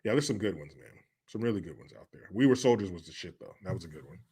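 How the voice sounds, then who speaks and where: A man's voice: deep voice, animated, fast, dark tone, husky. Joking man hosting a livestream. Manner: loose and joking, reads chat aloud. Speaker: livestream host. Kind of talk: casual livestream commentary.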